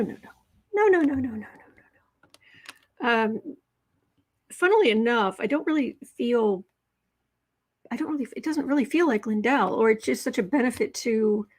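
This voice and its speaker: A woman hosting a live political tarot reading, chatting with her viewers and reading their comments aloud, with many fillers, restarts and emphatic repetitions. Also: fairly high pitch. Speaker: tarot livestream host.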